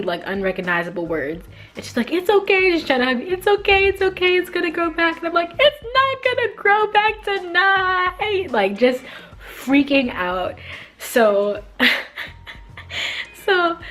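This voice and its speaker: A young woman tells a casual storytime to her camera, lively and chatty, leaping up in pitch whenever she quotes someone. Her voice sits in a middle register, with faint music in the background. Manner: animated, acts out quotes with big pitch jumps. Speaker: vlogger.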